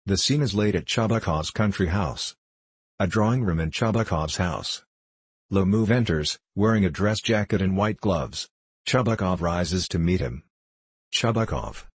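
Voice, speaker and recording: A man reads a play's stage directions in a plain, measured voice. His voice is very low and husky. The sound is dry and close. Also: animated, dry recording. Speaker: narrator. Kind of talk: reading stage directions of a play.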